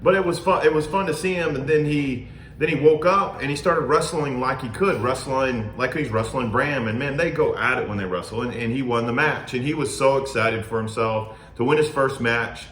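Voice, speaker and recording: A man's voice: medium pitch, normal speed, a little hiss or hum. Earnest man co-host in an echoey room. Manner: steady, earnest storytelling. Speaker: podcast co-host and youth wrestling coach. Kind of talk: casual chat.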